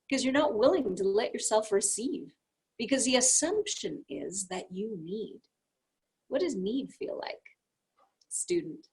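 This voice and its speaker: Woman reading a workbook transcript out loud, kinda husky, voice goes all over the place. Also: mid-range voice, unhurried, poor audio. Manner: lively, expressive reading with speaker labels. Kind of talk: reading aloud a class transcript.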